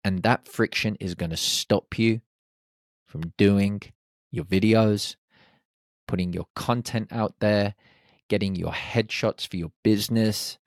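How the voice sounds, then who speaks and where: Lively man, gravelly low voice. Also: no echo, clean studio sound. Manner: animated, acts out inner self-talk in quick little voices. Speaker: podcast host. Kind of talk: solo podcast talk.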